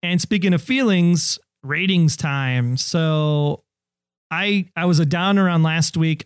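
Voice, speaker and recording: A man's voice: a little high, clear, resonant tone, no echo, clean studio sound. A man co-hosting a podcast in casual chat. He is talkative and laughs easily. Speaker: podcast co-host.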